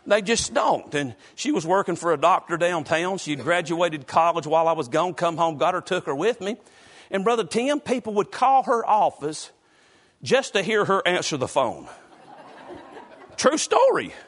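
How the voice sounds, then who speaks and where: High-voiced Southern preacher man. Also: very animated, normal speed. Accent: North Carolina mountain Southern. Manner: folksy preaching, calls out congregants by name, bursts into shouts. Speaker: pastor. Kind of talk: sermon.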